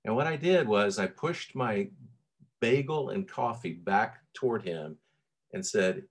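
A middle-aged pastor from Tennessee with a Southern accent, preaching a sermon in a relaxed, conversational way with frequent fillers and restarts. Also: male voice, fairly low pitch, measured pace, husky.

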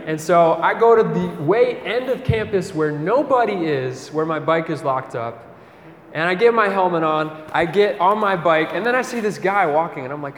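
A young man giving a conversational campus sermon, telling a lively personal story and often asking "right?". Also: on the high side, moderate pace, reverberant, long reverb tail. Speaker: campus ministry speaker.

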